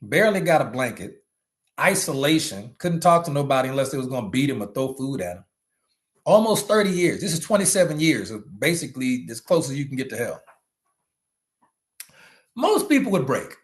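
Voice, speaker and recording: A man giving a motivational leadership talk to network marketers, animated and preachy, with slangy asides and sudden shouts. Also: mid-range voice, brisk.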